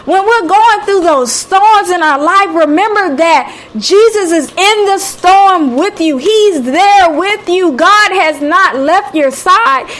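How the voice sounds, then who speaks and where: A woman's voice: extremely high pitch, a bit bright. A woman with a Southern American accent, hosting a live motivational talk with a preacher-like, encouraging style, repeating phrases and calling listeners honey and sweetie. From Southern United States. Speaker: radio host. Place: home, live stream.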